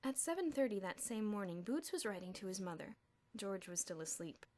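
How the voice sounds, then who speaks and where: A woman's voice: mid-range voice, sing-song, fairly quick, darkish tone. A woman narrating a children's novel as an audiobook, telling the story expressively. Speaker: audiobook reader.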